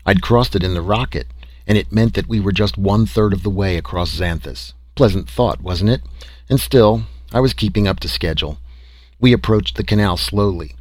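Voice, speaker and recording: Low-voiced man reading a story dramatically. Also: moderate pace, a little mellow, dry recording. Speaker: audiobook narrator. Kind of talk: scripted story narration.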